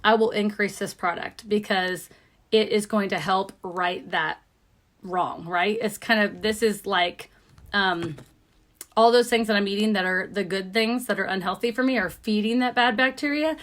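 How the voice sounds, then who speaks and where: A woman's voice: mid-range voice, moderate pace, fairly bright tone. A woman in her thirties, a nurse practitioner, giving viewers an upbeat, emphatic, chatty rundown of supplements. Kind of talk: casual product rundown to viewers.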